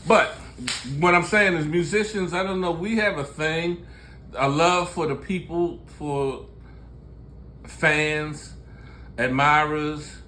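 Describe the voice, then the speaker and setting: A man in his sixties from Baltimore talks in casual chat. He tells his stories candidly and jokes and laughs often. His voice is bright and forward, with a faint hiss of noise behind it. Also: a little high, takes it slowly. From Baltimore, USA. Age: 60s. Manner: laughing, storytelling, candid and joking. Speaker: musician and show host.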